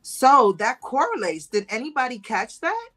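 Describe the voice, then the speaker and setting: Soft music plays in the background as a chatty livestream host gossips casually with viewers at normal speed. She laughs often, tells animated stories and switches to a higher voice for quotes. The recording is rough.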